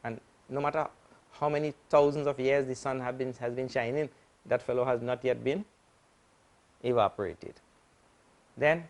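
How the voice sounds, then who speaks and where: A man giving a spiritual lecture as a swami, explaining with simple analogies and repeating key points patiently, growing louder on the important phrases. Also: mid-range voice, fairly even intonation, normal speed, long pauses. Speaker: swami teaching scripture.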